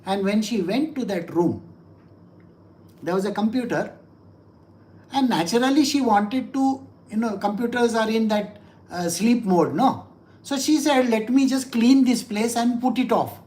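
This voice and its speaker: A woman's voice: a little high, unhurried. A woman spiritual teacher, giving a blunt, scolding scripture talk full of anecdotes. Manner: blunt, scolding, animated storytelling.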